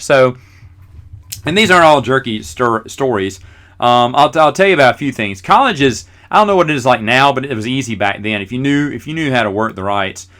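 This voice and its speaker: A man's voice: mid-range voice, sharp tone. A middle-aged man hosting a podcast, telling rambling, self-mocking stories in a casual way. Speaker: podcast host. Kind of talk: casual storytelling.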